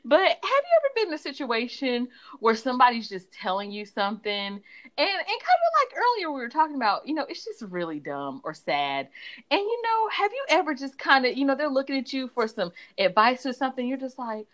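Animated laughing woman co-host. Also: sits high, a little fast. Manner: animated, laughs often, Southern-style "y'all". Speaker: podcast co-host. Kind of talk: casual chat.

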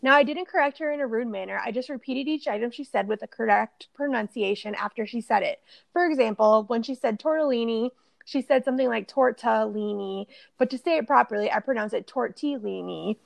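Gravelly higher-voiced woman reading aloud. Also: fast talker, no room sound. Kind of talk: casual chat, reading posts aloud.

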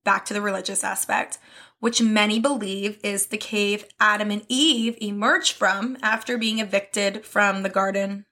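A woman's voice: medium pitch, steady tone, a little slow, pushed and bright. A young woman co-hosting a podcast in casual chat, chatty and often laughing. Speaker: podcast co-host.

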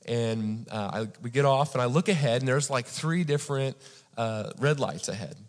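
A pastor from Indiana gives a sermon, telling a story in a chatty way and often asking the crowd "right?". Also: male voice, mid-range voice, moderate pace. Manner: conversational, repeats "right?" for the audience. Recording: long hall reverb.

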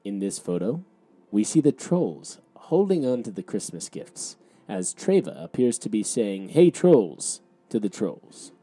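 A man co-hosting a podcast, describing a storybook's pictures one by one in a deadpan, matter-of-fact way. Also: on the low side, a little slow, husky. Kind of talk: picture-by-picture commentary.

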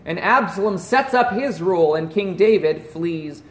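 A man preaching a sermon in an earnest voice that drops to a hush at solemn points. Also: sits high, animated, normal speed, echoey room. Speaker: pastor.

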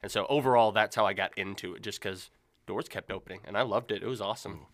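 A young man, a youth minister, chatting earnestly with many pauses and fillers. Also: lowish voice. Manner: earnest, rambling with many ums. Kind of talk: casual chat.

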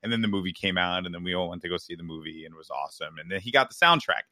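Male podcast co-host from New York: lively, swearing raconteur, bright edge, dry mic. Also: low-pitched, rapid-fire, dry recording. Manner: animated, profane, peppers with "right?". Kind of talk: casual storytelling chat.

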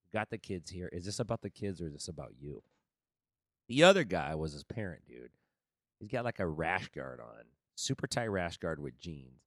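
A man co-hosting a podcast in casual chat, telling stories in an animated way and saying "man" and "dude" often. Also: deep voice, moderate pace, no room sound, clean studio sound. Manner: animated storytelling, says "man" and "dude" a lot. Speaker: podcast co-host and kids' jiu-jitsu coach.

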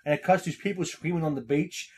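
A man's voice: a little high, fast. A man co-hosting a casual podcast chat about movies and shows, laughing often and acting out quotes. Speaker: podcast co-host.

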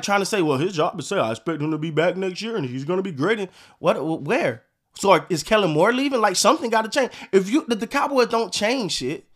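Fed-up profane sports podcaster, high voice. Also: male voice, a bit bright. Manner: frustrated, profane, repetitive. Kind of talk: casual sports rant.

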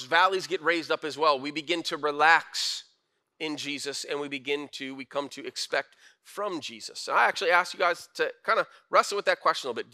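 A young man preaching a casual, conversational sermon with slang and animated asides. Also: on the high side. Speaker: pastor.

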